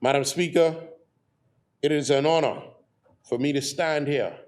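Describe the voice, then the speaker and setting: A man with a Bahamian accent giving a formal parliamentary speech, measured and methodical as he lists points. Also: fairly high pitch, a little mellow. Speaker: member of parliament.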